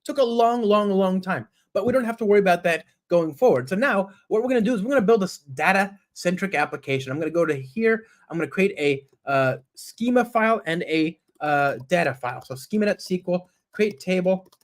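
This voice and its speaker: A man with a fairly high voice gives a live-coding talk at a conference. He is enthusiastic and chatty. He keeps checking in with his listeners with a quick "right?" as he spells out code. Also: animated. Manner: enthusiastic and chatty, with frequent "right?" and "okay?" to the audience; talks while typing code aloud. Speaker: conference speaker. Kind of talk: live-coding technical presentation.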